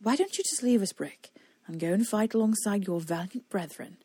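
A woman voicing a captive male enemy knight who talks smooth, cool and coaxing. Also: medium pitch, normal speed, dark tone, dry recording, close to an everyday voice. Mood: mocking.

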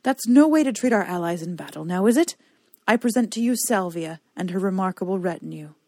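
A woman's voice: mid-range voice, animated, fairly quick, dark tone, no echo, clean studio sound. A woman voicing a giant, jovial male knight who speaks with easy command in an audiobook reading.

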